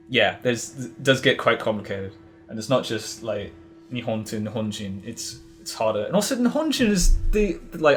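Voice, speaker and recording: A man's voice: medium pitch, fairly bright tone. Rambling man explaining at length. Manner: explanatory, rambling with many restarts and fillers. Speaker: podcast guest. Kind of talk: casual podcast conversation.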